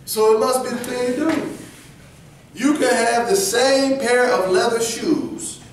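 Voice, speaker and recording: Animated man teaching kids in an echoey church room. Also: extremely high pitch, unhurried. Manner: animated, quizzes the class, acts out little scenes. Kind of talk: interactive Bible lesson for kids. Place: church classroom. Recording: very echoey room, distant camera, faint background noise.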